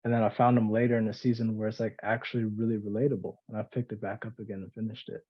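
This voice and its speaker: A man's voice: on the low side, little pitch movement, fast, highs cut off. A male musician co-hosting, speaking reflectively about growing as an artist. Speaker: guest co-host and musician. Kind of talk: casual interview.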